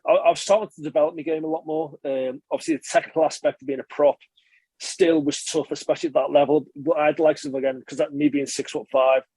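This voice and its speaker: A man, a former rugby player, telling stories in a relaxed interview and chatting casually with frequent swearing and restarts. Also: a little high, quick pace, husky, dry recording. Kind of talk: casual conversational storytelling.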